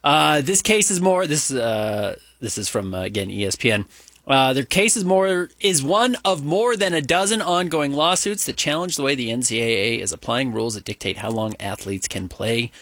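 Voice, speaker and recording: A man co-hosting a sports talk show, opinionated and animated, rambling with fillers as he argues his point. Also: medium pitch, normal speed, no room sound. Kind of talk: casual sports radio banter.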